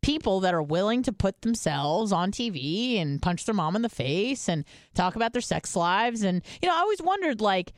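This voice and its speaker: A woman's voice: medium pitch, sing-song, moderate pace, hardly any pauses, no echo, studio quality. A woman co-hosting a podcast, telling stories in casual chat and swearing freely. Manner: chatty storytelling, swears freely. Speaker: podcast co-host.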